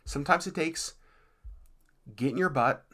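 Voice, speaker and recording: A woman co-hosting a casual podcast, earnest and animated, who laughs easily. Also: deep voice, moderate pace. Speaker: podcast co-host. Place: lives in Alaska.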